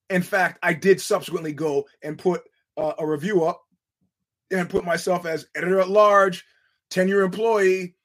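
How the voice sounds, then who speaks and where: A man's voice: sits high, fairly even intonation, normal speed. A middle-aged man from the United States hosting a podcast, telling stories in a rambling, profane, laughing manner. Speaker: podcast host. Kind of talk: casual monologue.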